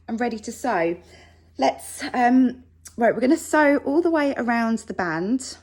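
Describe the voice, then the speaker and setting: Husky-voiced woman teaching sewing. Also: on the high side, expressive, measured pace, a little mellow. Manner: chatty, reassuring, self-deprecating asides. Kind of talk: relaxed tutorial talk while working. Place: home sewing room.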